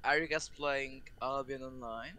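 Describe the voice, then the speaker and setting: A man whose first language is Russian chimes in with short, cheerful lines. His voice is bright and forward, in loose, easy gaming chat. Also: mid-range voice, steady tone, measured pace. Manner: brief, cheerful replies. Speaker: guest player.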